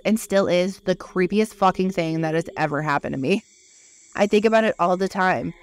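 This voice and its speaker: A woman in her thirties, a podcast co-host, telling a creepy personal story in casual chat, swearing freely and acting out what people said. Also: on the low side. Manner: animated storytelling, swears freely, acts out quotes.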